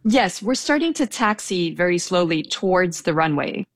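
A woman's voice: on the low side, animated, normal speed, no echo. A young woman telling a personal anecdote in a casual, hesitant way, with small laughs. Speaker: storyteller guest.

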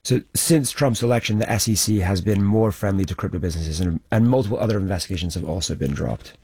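A man with a lowish voice talks through his documentary reporting. He speaks in a measured, explanatory way and uses occasional fillers, like a journalist answering questions on a panel. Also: darkish tone, slightly rough.

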